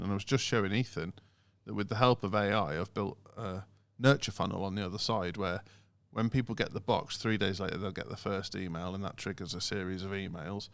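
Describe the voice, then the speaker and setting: A man co-hosting a casual podcast, animated and lively, breaking into mocking imitations of automated phone messages. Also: low voice, dry recording. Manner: animated, mimics phone recordings in sing-song voices. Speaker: podcast co-host.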